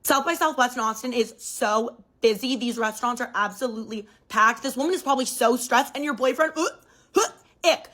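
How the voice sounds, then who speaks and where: A woman's voice: on the high side, fairly quick, sharp tone, low-quality recording. A woman telling a gossip storytime in a blunt, scathing, emphatic way.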